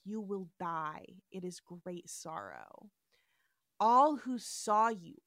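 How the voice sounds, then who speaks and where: Woman doing a slow, solemn computer-god voice. Low, measured, half-whispered menace. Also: no room sound, clean studio sound. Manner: slow, grave, dropping to a whisper. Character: solemn computer posing as ancient ruler.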